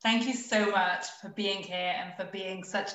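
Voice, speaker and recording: A woman's voice: mid-range voice, steady tone, unhurried, fairly bright tone. A woman hosting an interview podcast over a video call, affirming her guests with short reactions. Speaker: host. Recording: roomy echo.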